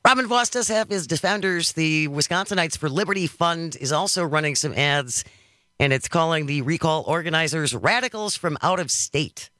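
A man's voice: on the high side, animated, normal speed, pushed and bright, no echo. A man hosting a political talk radio show, wry in tone, reading out quotes and leading into the breaks. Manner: wry, reads out quotes, smooth segues. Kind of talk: casual political radio chat.

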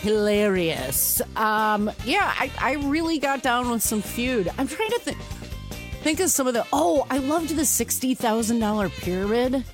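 A woman from the United States co-hosting a podcast in casual chat, animated and full of restarts. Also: fairly high pitch, unhurried, over music. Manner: chatty, animated, with restarts and laughs. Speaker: podcast co-host.

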